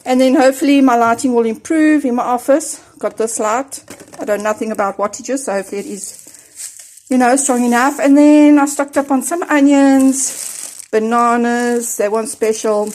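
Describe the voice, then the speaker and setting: A woman's voice: on the high side, moderate pace, darkish tone. A South African woman in her forties, chatting casually through a grocery haul from home, rambling with fillers and restarts and a little out of breath. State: slightly out of breath. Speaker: vlogger.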